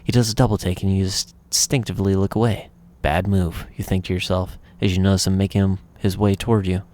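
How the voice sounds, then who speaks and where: Low-voiced man reading game text. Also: quick pace. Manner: relaxed, conversational reading. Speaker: gamer reading a visual novel aloud.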